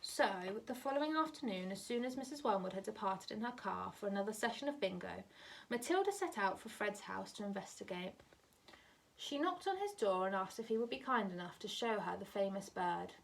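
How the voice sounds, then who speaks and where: A woman teacher reading a novel aloud to her class in a steady, measured way. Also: mid-range voice, vocal fry, far from the mic.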